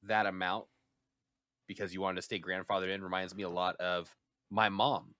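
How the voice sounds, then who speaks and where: A man's voice: sits low, little pitch movement, moderate pace, bright, forceful tone, no room sound. A man co-hosting a gaming podcast in casual chat, making dry joking asides. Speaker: podcast co-host.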